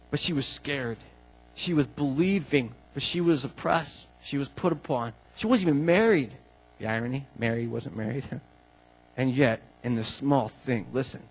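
A man preaching a casual, animated sermon, acting out the people in the story and swinging from quiet asides to loud exclamations. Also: a little high, low-quality recording. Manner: animated, swings from soft asides to loud bursts, acts out quotes. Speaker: pastor.

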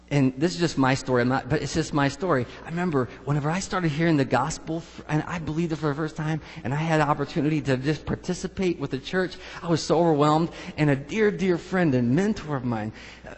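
A man's voice: fairly high pitch, fairly quick, husky, long reverb tail. A male pastor preaching a sermon, telling stories and acting out the voices of people he quotes with emphasis.

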